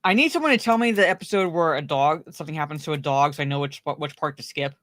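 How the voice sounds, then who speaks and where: A woman's voice: deep voice, fast, a bit bright, dry recording. A woman co-hosting a casual pop culture podcast, laid-back and mostly giving short, agreeing replies. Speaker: podcast co-host.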